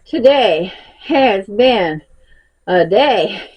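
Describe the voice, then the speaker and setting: A woman's voice: mid-range voice, lively intonation, extremely slow, a little mellow, husky. A woman with a Southern US accent chatting casually in a vlog, a bit out of breath, rambling in a folksy way. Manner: rambling, folksy, laughs often. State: a little out of breath. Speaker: crochet vlogger.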